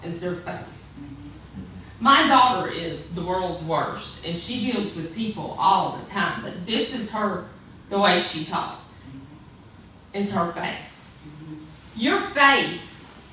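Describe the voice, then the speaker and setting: A woman's voice: mid-range voice, animated, takes it slowly, pushed and bright. A woman preaching a sermon in an earnest, conversational way, often repeating her phrases. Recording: echoey room, far from mic, faint hiss.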